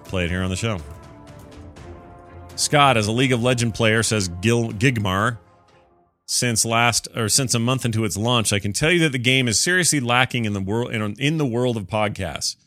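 A man's voice: medium pitch, moderate pace, fairly bright tone, no room sound, faint music behind. A man hosting a gaming podcast alone, reading listener emails aloud and answering them in a chatty, rambling, self-deprecating way. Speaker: podcast host.

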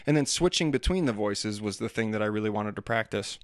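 A man's voice: lowish voice, lively intonation, a little fast, hardly any pauses, no echo, clean studio sound. A middle-aged man musing casually and with self-deprecating humor in a solo monologue. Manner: chatty, self-deprecating, demonstrates singing sounds.

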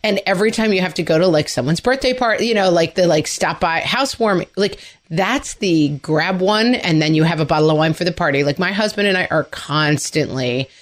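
A woman with a slightly low voice chats on a podcast. She muses out loud in a relaxed way, with frequent "like"s. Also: brisk, few pauses. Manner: conversational, reflective, many fillers. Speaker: podcast co-host. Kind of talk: casual chat.

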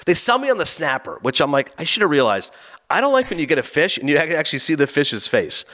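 A man on a podcast telling a long anecdote in casual chat, acting out the quoted lines and stammering through quick restarts. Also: on the high side. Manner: animated anecdote teller, acts out his own and others' quoted lines.

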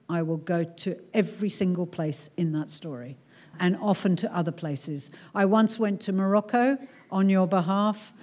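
A woman's voice: lowish voice, a little mellow. A woman author, chatting animatedly and joking while answering audience questions at a live talk in a cultural centre. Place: cultural centre hall before a crowd.

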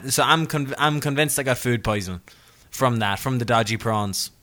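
Bright-voiced man telling podcast stories. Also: medium pitch, normal speed. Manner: chatty storyteller, laughs while telling. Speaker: podcast co-host. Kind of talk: casual podcast chat.

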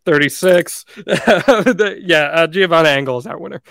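A man hosts a casual chat podcast in a playful emcee manner, announcing results and keeping things moving. His voice sits a little high for a man. The recording is close and dry, with no room sound. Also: moderate pace, vocal fry, fairly bright tone, no room sound. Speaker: podcast host.

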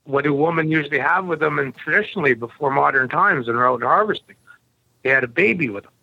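A man from Canada, a podcast guest, telling stories bluntly with a rough edge. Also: a little high, quick pace, sharp tone, dry recording, dull audio. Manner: blunt, rough-edged storyteller. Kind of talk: casual storytelling interview.

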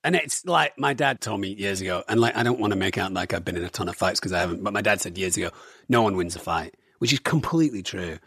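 A man's voice: low voice, fast, husky, no room sound, clean studio sound. A man in his forties, born in Germany to parents from Manchester, chatting playfully as a podcast guest and swearing freely. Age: 40s. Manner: playful, swearing, animated storytelling. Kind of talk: casual chat.

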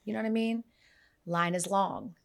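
A woman hosting a casual podcast, telling stories with lively energy and acting out the people in them. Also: medium pitch, normal speed, vocal fry. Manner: animated storyteller, voices the people in her stories. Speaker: podcast host.

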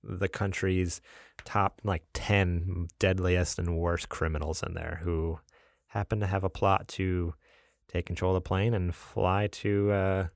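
A man's voice: low-pitched, little pitch movement, measured pace, gravelly, no echo, studio quality. A man co-hosting a casual podcast, rambling with many fillers and restarts. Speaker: podcast co-host.

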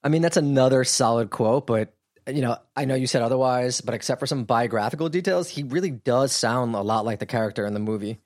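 Man, co-host, mid-pitched voice, wry sarcastic quips, casual chat. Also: fast, darkish tone. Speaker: podcast co-host.

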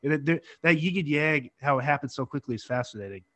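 A man's voice: fairly high pitch, fast, pushed and bright. A man hosting a casual talk, reflecting thoughtfully on his guest's story. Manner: reflective, encouraging listener. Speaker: host. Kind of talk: casual conversation.

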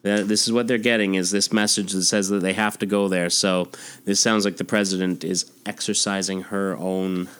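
A man's voice: low-pitched, level tone, normal speed, fairly bright tone, smooth. A man hosting a podcast, chatting casually about comics, with fillers and restarts between panel readings. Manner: reads comic dialogue aloud in voices, chatty with fillers. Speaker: podcast host. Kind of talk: casual comic book discussion.

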